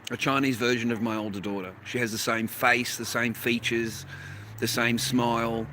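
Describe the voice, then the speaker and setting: A man's voice: mid-range voice, little pitch movement, normal speed, sharp tone, a little hiss or hum, poor audio. A middle-aged Australian man on a livestream, talking in a blunt, profane, rambling way. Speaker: livestream host. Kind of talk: unscripted livestream rant.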